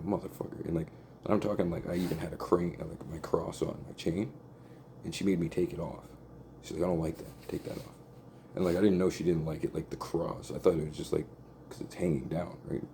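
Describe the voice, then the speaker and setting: A low-pitched man rants angrily and profanely, filling every sentence with "like" and "right?". His voice is deep and gravelly, with a very dark, mellow tone. Faint background noise sits under his voice. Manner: agitated, profane, repeats "like" and "right?". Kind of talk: rambling angry monologue.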